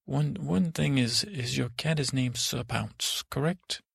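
A man doing a gravelly, coaxing royal mother. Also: mid-range voice, a little slow, fairly bright tone, no room sound, clean studio sound, full character voice. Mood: coaxing, worried. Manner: coaxing, probing questions. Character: worried, controlling royal mother, middle-aged woman.

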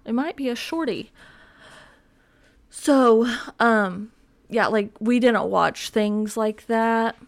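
Speaking slowly with frequent pauses, a young woman with a fairly high, gravelly voice hosts a solo podcast at home while dogs are around. Her casual chat rambles, is full of fillers, and is self-mocking.

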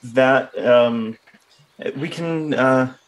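Hesitant male player speaking in character, mid-pitched voice. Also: very slow, low-quality recording. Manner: hesitant, lots of uhs and restarts. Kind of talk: in-character role-play.

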